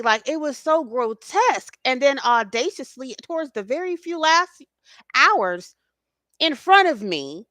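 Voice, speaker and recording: A woman's voice: sits high, big pitch swings, unhurried, pushed and bright, no room sound, clean studio sound. A woman hosting a casual spiritual talk. She speaks with slangy passion, swears freely and keeps checking in with her listeners. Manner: talks to her audience directly, checks in with "okay?". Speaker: spiritual reader and host.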